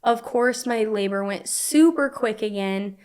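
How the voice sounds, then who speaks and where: A woman's voice: on the high side, measured pace, darkish tone. Earnest young woman, fillers everywhere. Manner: earnest, heavy use of "like" fillers. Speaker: podcast guest. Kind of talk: casual conversational storytelling.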